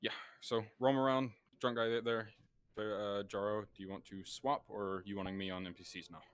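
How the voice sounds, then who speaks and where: A man acting as game master, giving halting, casual instructions to players in a roleplay session. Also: fairly low pitch, little pitch movement, clear, resonant tone. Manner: halting, with many fillers and restarts.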